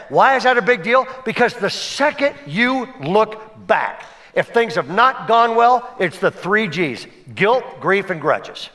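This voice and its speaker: A male pastor preaching a sermon, telling a story with acted-out voices and lively delivery. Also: sits high, takes it slowly, hardly any pauses. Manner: animated storytelling, acts out voices in anecdotes. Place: church sanctuary.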